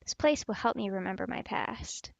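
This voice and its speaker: A woman reading the lines of a quiet man who returns to his old school, in a plain, even read of game dialogue. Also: medium pitch, normal speed, vocal fry, dry recording, muffled recording. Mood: reserved.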